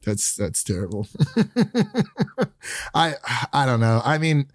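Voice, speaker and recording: A man co-hosting a laid-back movie review, halting and often restarting mid-thought. His voice sits at a middling pitch. The sound is dry and close, with no room echo. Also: huge pitch swings. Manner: hesitant, restarts often, laughs. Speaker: podcast co-host. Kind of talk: casual movie review chat.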